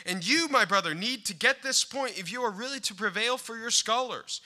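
High, sharp-voiced fervent male preacher. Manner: fervent, swinging from loud urging to hushed intensity; reads a formal sermon with brief plain-spoken asides. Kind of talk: sermon.

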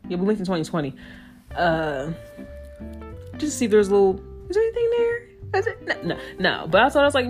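A young woman hosting a casual solo podcast, talking in a loose, slangy, animated way with playful impressions. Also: mid-range voice, brisk, faint music behind. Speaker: podcast host.

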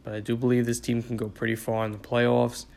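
A young New York-area man, sounding tired, runs a casual solo podcast in a medium-pitched, monotone voice with vocal fry and a slightly mellow quality. He talks fairly quickly, rambling, swearing and using many fillers.

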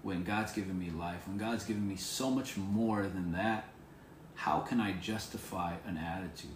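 An echoey room and slight background noise surround a pastor's deep voice as he speaks at a moderate pace. Addressing viewers on camera in an informal devotional sermon, he's earnest, encouraging and given to repeating phrases.

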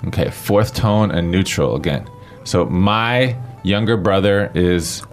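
A man breaks down a lesson in a relaxed, explanatory way, checking in as he goes. Faint music runs underneath. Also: sits low, slow. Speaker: podcast co-host.

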